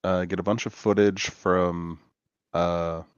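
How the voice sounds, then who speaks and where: A man's voice: low-pitched, flat delivery, slow, clean tone, no echo, dull audio. A man hosting a podcast, talking in a laid-back way with many fillers in casual chat. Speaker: podcast host.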